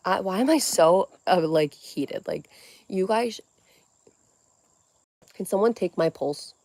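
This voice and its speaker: Young woman streamer, mid-pitched, loose rambling chat with viewers, cursing casually; dry close-mic sound. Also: expressive, slow, pauses often, a little mellow, no room sound. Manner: rambling, reads chat aloud, swears freely. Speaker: livestream host.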